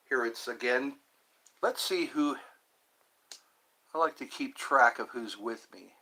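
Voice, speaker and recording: This livestream host is a man in his fifties going solo, talking to himself and drifting from topic to topic in a rambling way. His fairly high voice is sing-song and sharp in tone, and he's unhurried.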